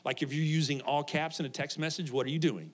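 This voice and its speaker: A man's voice: on the high side, fairly even intonation, fast talker. A middle-aged man, a pastor, preaching a conversational sermon to a congregation, joking, laughing often and asking his listeners questions.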